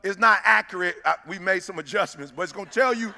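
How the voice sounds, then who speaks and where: Fast and creaky, a very high, sharp-voiced motivational speaker delivers a preacher-style speech, hammering points, shouting at times and lilting into a sing-song cadence at others. A big hall lends his voice a long, ringing reverb.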